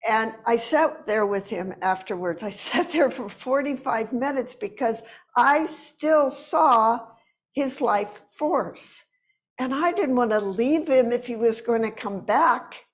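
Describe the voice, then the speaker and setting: Slow-spoken woman in her seventies. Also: on the high side. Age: 70s. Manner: slow, deliberate, expressive. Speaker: movement teacher. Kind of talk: personal storytelling talk.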